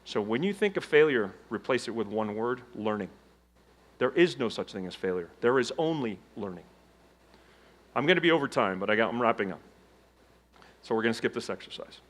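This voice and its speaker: A middle-aged man giving a motivational keynote on stage, telling his story with dramatic swings between loud emphasis and hushed low tones. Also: animated, a little fast, pauses often. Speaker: keynote speaker. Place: conference stage before a live audience.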